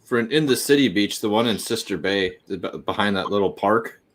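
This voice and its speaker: A man in a relaxed casual chat, chuckling and chiming in with his own stories. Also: fairly low pitch, fairly quick. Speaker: whiskey show co-host.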